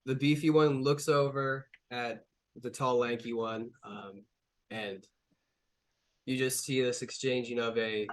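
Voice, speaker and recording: A man's voice: mid-range voice, steady tone, unhurried. A man narrating a tabletop game as game master, in a loose way with many fillers. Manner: casual, full of fillers and restarts.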